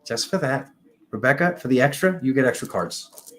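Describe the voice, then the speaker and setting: A man hosting a casual live-stream tarot reading, talking in an unhurried, rambling spiritual way with many fillers. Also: medium pitch, animated, fairly bright tone, low-quality recording.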